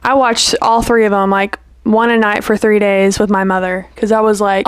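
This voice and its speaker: A woman's voice: medium pitch, little pitch movement, moderate pace, hardly any pauses, clear, resonant tone, no echo, studio quality. A young adult woman vlogging in a casual, playful chat, gushing and peppering her talk with "like" and "you know".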